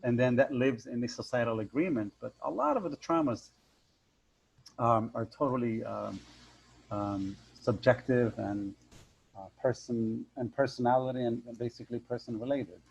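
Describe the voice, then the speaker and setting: A man talks as a guest in a relaxed interview, pausing often and repeating words as he searches for them. The recording is slightly muffled and lo-fi. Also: medium pitch, gravelly, slightly rough. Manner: hesitant, many fillers and repeats. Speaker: guest, hypnotherapist. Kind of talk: conversational interview.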